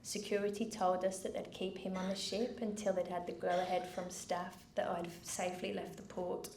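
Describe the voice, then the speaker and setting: A middle-aged woman giving a personal speech from a stage, earnest and measured with dry asides. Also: fairly low pitch, level tone, a little mellow. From United Kingdom. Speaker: founder giving a keynote speech. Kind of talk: personal story told from a stage. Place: event venue with a live audience. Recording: roomy venue, faint background noise.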